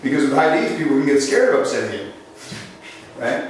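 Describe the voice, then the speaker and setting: This is a brisk, medium-pitched man, a sales trainer teaching a seminar live, storytelling with animation, doing voices and questioning the room. A distant microphone catches the echo of the hall along with slight background noise.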